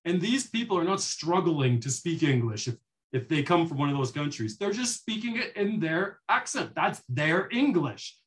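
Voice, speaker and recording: Male panelist, slightly high voice, measured and articulate delivery. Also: sing-song, fairly bright tone. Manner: measured, articulate, fast asides. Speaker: panelist poet. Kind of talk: panel discussion.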